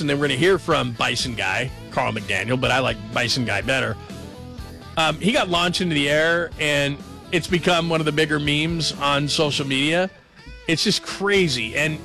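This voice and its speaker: Male late-night sports radio host, gravelly edge, bright tone, chatty and joking. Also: on the high side. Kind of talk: casual radio talk.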